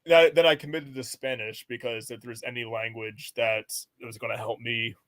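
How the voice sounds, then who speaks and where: A man co-hosting in relaxed casual chat, easygoing and quick to chuckle. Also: medium pitch. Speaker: co-host.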